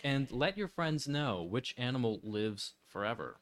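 A man's voice: medium pitch, very animated, unhurried, no room sound. A man co-hosting a casual chat show, reading facts aloud with playful emphasis. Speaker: co-host.

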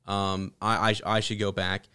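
A man hosting a casual book podcast, chatting in a rambling, halting way with many restarts. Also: fairly low pitch, flat delivery, sharp tone, clean tone. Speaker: podcast host. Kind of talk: casual book discussion with read-aloud passages.

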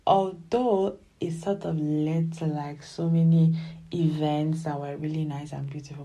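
Low husky woman reviewing a drama. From Nigeria. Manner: animated and emphatic, often acts out dialogue. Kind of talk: casual spoken commentary.

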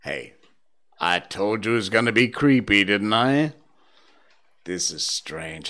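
A man's voice: lowish voice, noisy background. A man hosting a livestream in casual chat, reading odd stories aloud with spooky asides. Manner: slow, animated reader with spooky asides. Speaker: livestream host.

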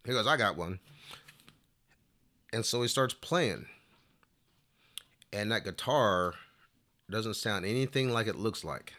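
A man's voice: on the low side, animated, slow, pauses often, pushed and bright. A man telling a long story in casual interview talk, rambling along with plenty of "you know" fillers. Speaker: flute player telling a story.

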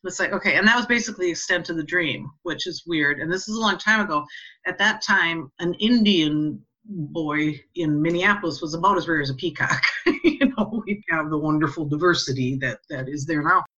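A woman with a fairly low voice tells her story casually and with lots of life, acting out the people in it. Her tone is bright and forward. The recording sounds a bit dull and muffled. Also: a little fast. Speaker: guest telling a personal story.

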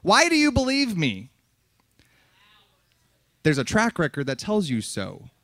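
A man preaching a fiery sermon at a youth conference, yelling hard and then dropping to soft, close asides. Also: sits high, huge pitch swings, measured pace, heavy background noise.

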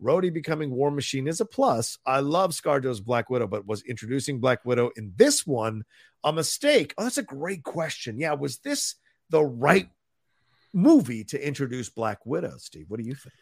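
Gravelly, lively-voiced man co-hosting. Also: medium pitch, normal speed, no echo, studio quality. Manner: rambling, reads viewer comments aloud. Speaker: podcast co-host. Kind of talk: casual live film chat.

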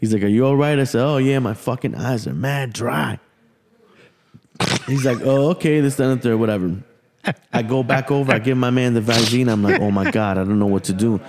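A man's voice: mid-range voice, a little fast, darkish tone, slight background noise. A man, the host of a podcast, telling a long and profane story in casual chat. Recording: long hall reverb.

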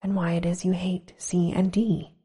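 A woman's voice: lowish voice, level tone, normal speed, dark tone, husky. A woman voicing a polite, puzzled young girl who speaks humbly, as whispered role-play. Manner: humble, wondering.

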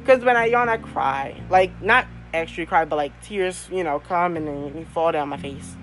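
A young woman hosting her own podcast tells a personal story in a casual, chatty way, with frequent laughs and fillers. Her voice is low and at a normal speed, the audio is poor, and faint music plays behind.

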